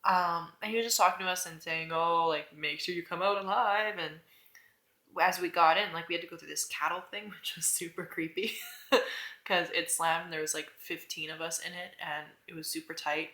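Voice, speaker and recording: A young woman's bright voice, set slightly low, rambles through a casual rant straight to camera. She hesitates, keeps second-guessing herself and trails off with soft laughs. The room around her gives the voice a noticeable echo. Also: steady tone, normal speed. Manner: chatty, rambling, hesitant with frequent "I don't know" and laughs. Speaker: vlogger.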